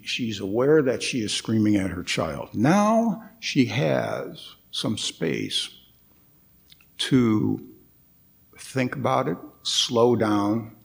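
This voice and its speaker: Man, dharma talk, lowish voice, unhurried, halting with restarts. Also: gravelly. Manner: halting, with frequent fillers and restarts; reflective, questions the audience. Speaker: guest meditation teacher. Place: Buddhist temple hall.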